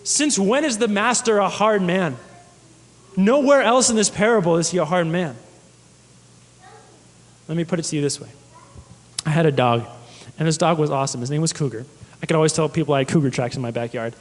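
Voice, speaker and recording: A pastor preaches a sermon, telling stories and putting questions to the congregation. His voice is fairly high and fairly quick, with frequent pauses and a long reverb tail.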